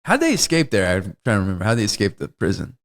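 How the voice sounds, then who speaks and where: Animated man gushing in casual chat. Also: fairly low pitch, racing. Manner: animated, laughs often, swears, acts out movie lines. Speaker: podcast co-host. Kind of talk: casual movie discussion.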